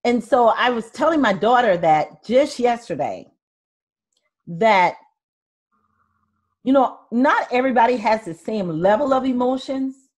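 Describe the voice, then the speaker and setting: An older woman hosting a podcast, chatting casually and telling stories with soft laughs. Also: on the high side, animated, measured pace, long pauses. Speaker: podcast host. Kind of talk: casual interview chat.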